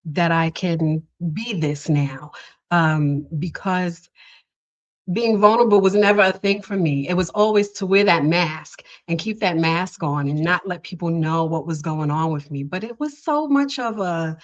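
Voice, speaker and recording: A woman with a lower voice hosts a heartfelt podcast conversation, earnest and close to tears, her sentences full of restarts and soft laughter. The recording sounds dull and lo-fi. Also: measured pace. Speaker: podcast host.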